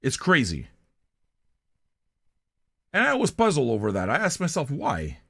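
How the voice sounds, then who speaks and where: A man's voice: medium pitch, wildly swooping pitch, measured pace, vocal fry, pushed and bright. An older man from Canada, hosting a music reaction show in a blunt, profane, rambling monologue.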